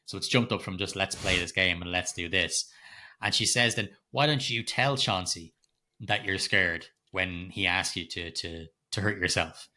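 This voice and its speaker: A middle-aged man, co-hosting a podcast and retelling a film scene in animated, laugh-filled detail, swearing freely. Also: low voice, normal speed. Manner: animated storytelling, heavy swearing, frequent laughter. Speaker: podcast co-host. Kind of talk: casual film-recap chat.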